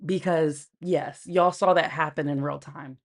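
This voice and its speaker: A woman's voice: deep voice, fairly even intonation, measured pace. A woman hosting a casual livestream from home, blunt and profane, often laughing as she talks to her viewers and her pet. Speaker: livestream host.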